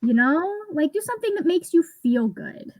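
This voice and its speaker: A woman's voice: sits high, very animated, normal speed, dark tone, no echo, poor audio. A woman in her thirties hosting a casual online reading session, rambling and laughing often as she chats. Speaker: booktube host. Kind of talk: casual livestream chat.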